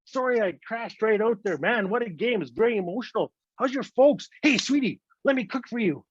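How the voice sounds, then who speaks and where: A grovelling husband, as a storyteller puts him on, whines in high baby talk and squeals with excitement. The voice sits bright and high over a dull, dry, lo-fi recording with no room around it. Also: male voice, brisk, breathy edge, no room sound. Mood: sweet-talking. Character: grovelling, hockey-crazed husband, adult man.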